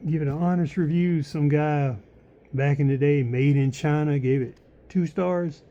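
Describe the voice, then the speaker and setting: A man's voice: a little high, fairly even intonation, a little slow, mellow, lo-fi sound. A tired man chatting casually to camera about his new book, rambling with lots of likes and restarts.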